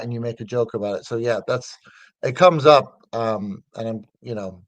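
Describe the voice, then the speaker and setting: A middle-aged man from the north of Ireland speaks with a Northern Irish accent, easy and conversational, circling his points with fillers and false starts. His pitch sits in an ordinary middle range. The sound is dry and close, with no room around it. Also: moderate pace, no echo. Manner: rambling, with many fillers and restarts. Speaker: comedian guest. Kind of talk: casual interview chat.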